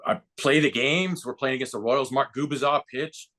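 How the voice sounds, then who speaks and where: On a podcast, a baseball broadcaster and ex-player in his fifties tells a long, meandering story at a moderate pace, relaxed and conversational like an interview. His middle-pitched voice climbs whenever he gets excited, and he imitates the people he quotes.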